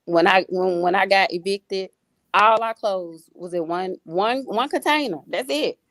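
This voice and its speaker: A woman's voice: medium pitch, unhurried, a bit bright, no echo. Woman sharing her faith story, preachy, keeps repeating and restarting, dry close sound. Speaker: guest, single mother with a doctorate. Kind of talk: testimony in a faith talk show.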